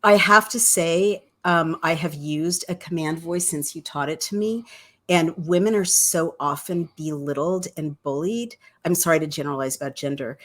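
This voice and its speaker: A woman with a low-pitched voice hosts a live stream and puts viewers' questions to her guest. She talks in an earnest way and uses pet names for him. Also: normal speed. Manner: affectionate, calls her guest darling and sweetheart. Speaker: host. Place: home, on a computer.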